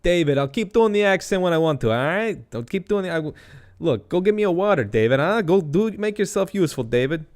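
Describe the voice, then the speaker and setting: A man's voice: expressive, quick pace, vocal fry, few pauses, clean tone, dry recording, clean studio sound. A man putting on a comic accent to play a pompous, bossy man who orders people around. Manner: loud, high and demanding. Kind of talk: comic put-on voice on a livestream.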